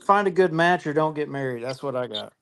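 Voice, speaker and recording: A man on a live call-in stream hands out frank, laid-back advice, tossing in "man" as he talks. His voice sits slightly high. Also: animated, fairly quick, a crowd in the background. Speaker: participant on a call-in show. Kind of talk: casual advice-giving chat.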